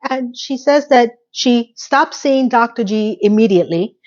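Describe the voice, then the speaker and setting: Chatty woman host, higher voice, sassy recap commentary, dull lo-fi recording. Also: lively intonation, unhurried, darkish tone. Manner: chatty, sassy asides, acts out quotes.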